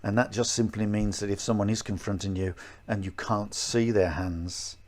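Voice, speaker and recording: Male co-host, lower register, emphatic and repetitive, casual conversational delivery. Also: steady tone, normal speed, a little mellow. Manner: emphatic, repeats himself. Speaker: podcast co-host, martial arts instructor. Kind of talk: casual chat.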